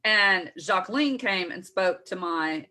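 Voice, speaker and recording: A woman's voice: fairly low pitch, expressive, takes it slowly, bright, forceful tone. A woman in her forties with a Texas accent, co-hosting a casual morning show and telling rambling stories with self-correcting asides. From Southern United States. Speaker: co-host.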